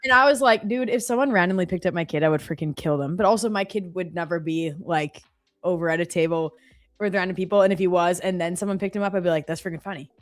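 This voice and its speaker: A young woman with a slightly low voice chats her way through a live trading stream. She tells stories loosely and fills them with "like". Faint music plays underneath. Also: fast. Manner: chatty, storytelling, lots of "like". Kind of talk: casual chat.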